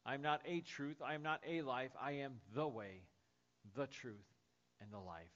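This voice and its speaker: A man preaching a sermon as pastor, dropping to soft, hushed lines and rising to loud, excited storytelling. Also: medium pitch, a little slow, muffled recording.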